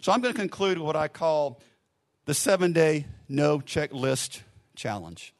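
A man preaching a sermon, telling a story in a casual, conversational way, dropping to a soft hush for gentle lines and leading a closing prayer. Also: on the high side, animated, measured pace. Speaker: pastor.

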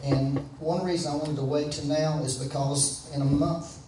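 A man's voice: fairly high pitch, steady tone, moderate pace, background noise. A man preaching a sermon in a folksy, conversational way, calling on the congregation to answer back. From United States. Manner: conversational, folksy, calls for audience responses. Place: church sanctuary. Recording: roomy, from a distance with faint background.

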